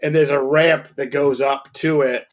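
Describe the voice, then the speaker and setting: A young man co-hosting a podcast, answering with quick short reactions and telling his own profane work story. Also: medium pitch, fairly even intonation. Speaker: podcast co-host. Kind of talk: casual storytelling chat.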